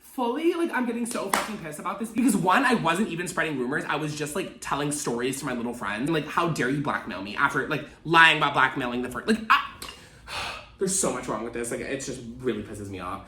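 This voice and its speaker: A man's voice: expressive, brisk, bright, forceful tone, slight background noise. A young man telling a story in casual vlog style, dramatic and full of swearing, with acted-out quotes. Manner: dramatic, swearing, acts out quotes in high voices. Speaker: vlogger. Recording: echoey room with faint music.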